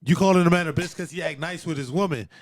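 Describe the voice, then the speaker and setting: Fairly high-voiced dude arguing hard and cursing, won't let it go. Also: male voice, quick pace. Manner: blunt, profane, insistent. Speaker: podcast guest. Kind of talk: heated casual podcast debate.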